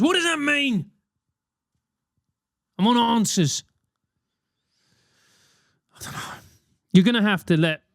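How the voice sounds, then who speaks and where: A man's voice: a little high, no echo, clean studio sound. A man hosting a solo comedic advice podcast, rambling and swearing through comic rants. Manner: rambling, profane, comic ranting. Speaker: podcast host.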